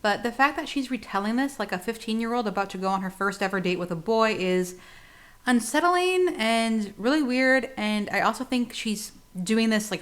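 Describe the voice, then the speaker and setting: A woman's voice: medium pitch, a bit bright. A woman giving dry, sardonic reaction commentary.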